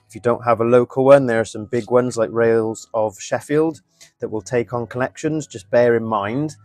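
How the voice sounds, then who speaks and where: A man's voice: on the low side, darkish tone. A man chatting casually on a live stream while he builds a model, muttering as he works and answering viewers. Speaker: model railway hobbyist streamer.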